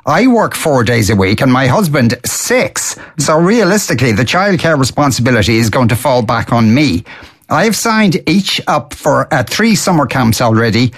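A host reading a listener's letter aloud and chiming in with short agreements. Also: male voice, medium pitch. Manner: brief agreeing backchannels, lively reading.

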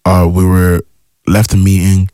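A man's voice: sits low, measured pace, dry recording, studio quality. A young man, a musician guest, chatting in an interview and eagerly acting out his own reactions as he tells stories. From Ireland. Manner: excitable storyteller, acts out his own reactions. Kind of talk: casual interview chat.

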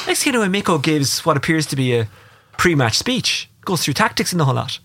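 An Irish man co-hosting a radio sports show, telling animated anecdotes with quoted dialogue. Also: on the high side, moderate pace. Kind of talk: casual radio chat, storytelling.

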